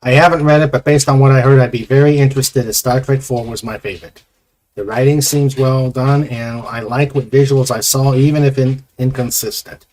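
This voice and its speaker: A man hosting a casual livestream chat, rambling with many pauses and reading viewer comments aloud. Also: mid-range voice, fairly even intonation, a little mellow. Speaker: host.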